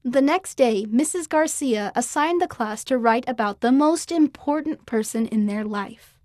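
Woman narrating a children's story, fairly high. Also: a little slow, dry recording, clean studio sound. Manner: clear, expressive storytelling.

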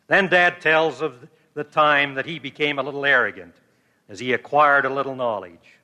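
A man giving a formal church conference address, telling a story in a measured way. The audio is an archival recording. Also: mid-range voice, sharp tone. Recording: reverberant archival hall recording.

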